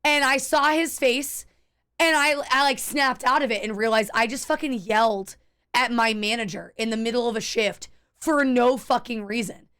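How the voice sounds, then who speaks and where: A young adult woman chatting on a game stream, candid and rambling, often restarting her sentences and cursing casually. Her voice sits a bit high and comes across smooth and clear. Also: steady tone, normal speed, a bit bright. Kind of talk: casual chat while gaming.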